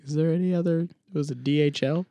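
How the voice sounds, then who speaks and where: Man, podcast co-host, teasing, laughs a lot, fairly high voice, dry sound. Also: fairly even intonation, quick pace, mellow, no room sound. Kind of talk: casual chat.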